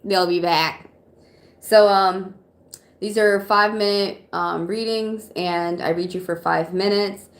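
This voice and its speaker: On a live stream, an American woman from Atlanta gives casual tarot readings, rambling chattily with lots of fillers and laughing often. Her mid-range voice is steady and measured in pace, and the sound is reverberant.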